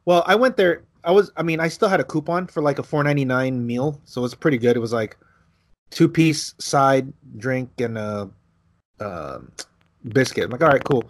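A man co-hosting a podcast, telling a casual story, acting out quotes with big jumps in his voice and swearing freely. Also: moderate pace. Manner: animated, acts out quotes with big pitch jumps. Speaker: podcast co-host.

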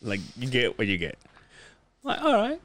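A man's voice: lowish voice, normal speed, bright, forceful tone, no echo. A man co-hosting a podcast in casual chat, rambling through stories, laughing often and acting out other people's lines. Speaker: podcast co-host.

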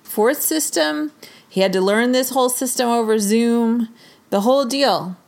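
A woman co-hosting a casual sports chat, launching into an animated, exasperated rant. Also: a little high, unhurried, creaky. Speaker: podcast co-host.

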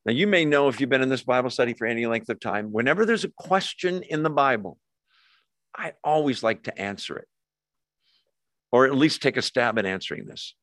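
A man of ordinary pitch leads a Bible study, walking through the text verse by verse. He talks it over casually, stopping for asides and fixing his own slips as he goes. The sound is close and dry. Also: very animated, a little fast, a bit bright, no echo. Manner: explains verse by verse, asides and self-corrections. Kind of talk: conversational scripture teaching.

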